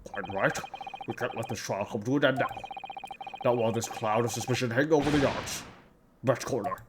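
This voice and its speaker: A man voicing a stern older British court judge in formal, measured tones while reading game dialogue aloud, with game music behind. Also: medium pitch, background noise, lightly acted.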